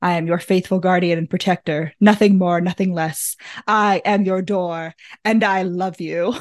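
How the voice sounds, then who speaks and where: A woman's voice: on the low side, fairly even intonation, normal speed, no echo, clean studio sound, close to an everyday voice. A woman doing a lovesick devoted door. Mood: solemn devotion.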